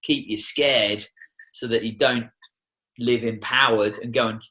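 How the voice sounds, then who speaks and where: On a low-quality recording, a young Australian tour guide talks as a podcast guest in a studio, his casual conversation full of passion, preaching, and heavy swearing. He speaks a little slowly in a mid-range voice. His intonation stays fairly even, and the tone comes across bright and forceful.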